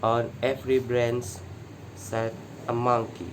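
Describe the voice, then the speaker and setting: A male student reads a children's story aloud in a halting, careful way, stopping to correct himself. His pace is very slow. A steady air-conditioner hum sits behind the voice. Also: medium pitch. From Indonesia.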